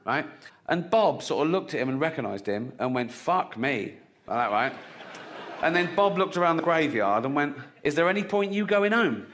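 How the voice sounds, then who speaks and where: A man's voice: a little high, bright, forceful tone. A middle-aged man from England, doing a blunt, sweary, mocking stand-up routine. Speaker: stand-up comedian. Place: theatre stage before an audience. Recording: large hall with long reverb and audience noise.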